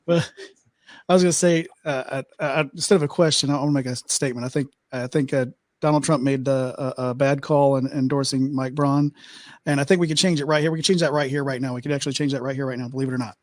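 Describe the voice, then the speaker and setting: A man's voice: medium pitch, steady tone, quick pace, a little mellow, no room sound, pitched below the performer's own voice, natural voice. A man doing a comic impression of a blustering male political candidate, repeating himself in boastful rally-speech style.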